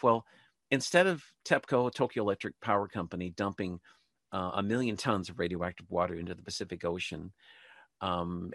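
A man's voice: deep voice, vocal fry, a bit bright, no echo. A man hosting a spoken show, talking in a rambling way with many ums and restarts, and leading listeners in a short prayer. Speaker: host. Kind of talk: casual spoken talk show monologue.

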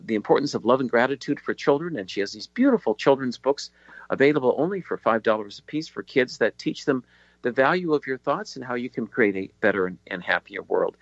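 Halting, rambling radio host man. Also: medium pitch, no echo, dull audio. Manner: rambling, halting, many ums and restarts. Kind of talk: radio talk show hosting. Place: radio studio.

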